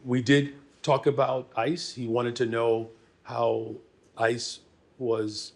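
A man's voice: mid-range voice, flat delivery, slow pace, creaky. A man, a city mayor, answering interview questions off the cuff with some fillers. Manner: unscripted, with fillers.

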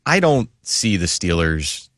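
A man from western Pennsylvania co-hosting a casual sports talk show, relaxed and opinionated. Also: low voice, slow pace, dry recording, studio quality. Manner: relaxed, opinionated, often says "like" and "I mean".

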